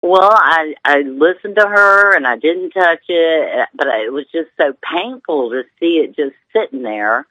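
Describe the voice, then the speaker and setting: Woman, radio caller from Georgia, hesitant, emotional, bright tense voice, dry close sound. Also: low voice, lively intonation, measured pace, few pauses, dry recording, poor audio. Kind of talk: call-in radio question.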